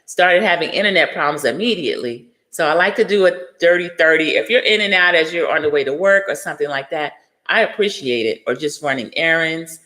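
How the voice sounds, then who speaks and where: A woman's voice: low-pitched, lively intonation, a little fast, pushed and bright, big-room sound. A middle-aged woman hosting a casual livestream, chatting and greeting viewers by name. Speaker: livestream host.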